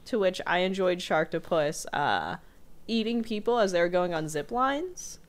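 A woman co-hosting a podcast, casually recapping a movie plot with animated quoting and frequent laughter. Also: on the low side, normal speed. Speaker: podcast co-host reviewing a movie. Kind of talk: casual chat.

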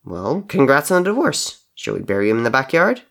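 A furious wounded man hisses and snarls his threats, as a man puts him on. The voice carries a gravelly rasp and bursts loud. He sneers even when calm. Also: mid-range voice, fairly quick, voice pushed up. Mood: wry, sneering. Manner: shouting, hissing and snarling.

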